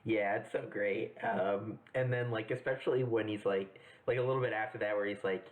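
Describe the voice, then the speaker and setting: A young podcast co-host in casual chat, halting and laughing often. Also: mid-range voice, steady tone, rough recording.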